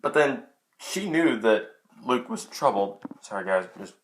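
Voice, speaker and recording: A man's voice: mid-range voice, unhurried, slight background noise. A young man giving a casual, chatty film review into his camera. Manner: chatty, excitable, many restarts. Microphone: camera mic.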